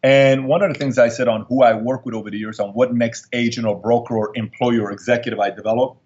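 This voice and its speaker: An entrepreneur guest, a middle-aged man, tells his life story in a candid interview, speaking emphatically and repeating lines for effect until it turns emotional. His mid-range voice is fast, a little mellow, and fairly even in intonation, with lo-fi sound.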